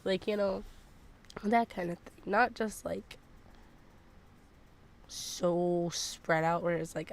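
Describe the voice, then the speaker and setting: A woman's voice: lowish voice, takes it slowly, gravelly, long pauses. A woman streamer chatting casually while gaming, rambling with lots of fillers and poking fun at herself. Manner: rambling, filler-heavy, self-deprecating.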